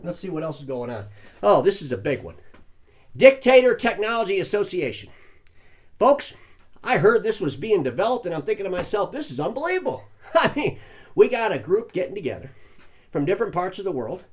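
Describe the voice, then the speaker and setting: Delivering a satirical news monologue, an older man drops folksy, mock-earnest asides. His voice is a little high for a man, swinging widely in pitch with a sing-song, fairly quick delivery.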